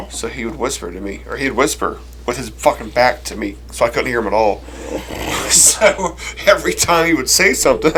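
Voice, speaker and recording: A man's voice: mid-range voice, fairly quick, slight background noise. A man telling funny childhood stories on a casual podcast, acting out the voices and laughing. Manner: animated storyteller who acts out quotes and laughs. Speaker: co-host.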